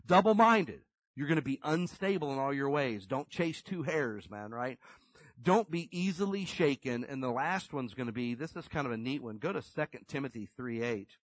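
A man preaching a conversational sermon, folksy and animated, acting out little scenes as he tells stories. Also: on the high side, no echo. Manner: folksy, animated storytelling with acted-out quotes.

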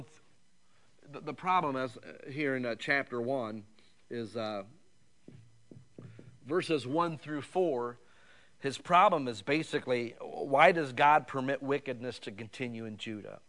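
A man's voice: on the high side, a bit bright. A middle-aged man preaching a sermon, conversational and rising at times to fervent, raised passages. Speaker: pastor.

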